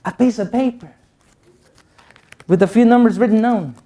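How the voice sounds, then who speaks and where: A man's voice: high-pitched, normal speed, warm tone. A young man giving a motivational talk to youth. He speaks with a non-native accent, repeats phrases for emphasis and jokes with the audience.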